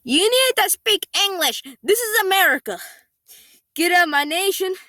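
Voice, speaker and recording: Woman putting on a shrill bossy entitled mom, high and loud, super dry sound. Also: lively intonation, moderate pace, no echo. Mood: mocking. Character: shrill entitled mother, pushy and indignant.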